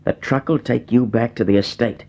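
An actor playing a cold, scheming criminal mastermind who gives curt, bossy orders, in vintage radio drama style. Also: male voice, mid-range voice, moderate pace, darkish tone, close to an everyday voice.

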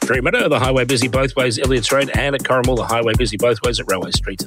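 A man reading a radio traffic report in a brisk, informative way. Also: medium pitch, music in the background.

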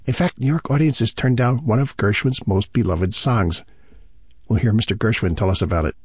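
A man presenting on classical radio, chatty and relaxed as he explains music history. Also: lowish voice, moderate pace.

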